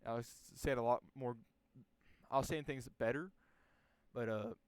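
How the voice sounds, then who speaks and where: Young male storyteller, laid-back and rambling, crude language, mid pitch, dry recording. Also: moderate pace, clean tone, no echo. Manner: rambling, profane, many restarts and fillers. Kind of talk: casual storytelling.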